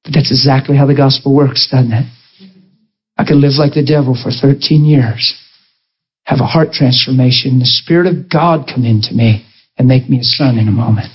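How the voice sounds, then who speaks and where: A man preaching a sermon, telling a personal story with passion and a voice that swings high and low. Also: normal speed, husky, dull audio.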